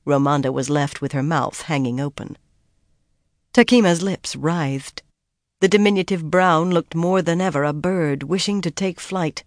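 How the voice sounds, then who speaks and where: An audiobook narrator giving steady, measured scripted narration of a fantasy story. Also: mid-range voice, dry recording, studio quality.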